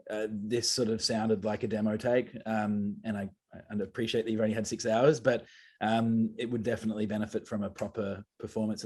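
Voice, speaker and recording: Measured male music judge. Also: on the low side, a little mellow, breathy edge. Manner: measured, hedging with ums. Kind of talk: critiquing a performance.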